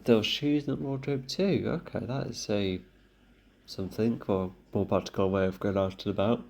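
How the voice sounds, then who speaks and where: A man's voice: fairly low pitch, normal speed, vocal fry, a little mellow. A man giving casual commentary as he reacts to a TV show, thinking aloud and hesitating with fillers and restarts. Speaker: reaction video host.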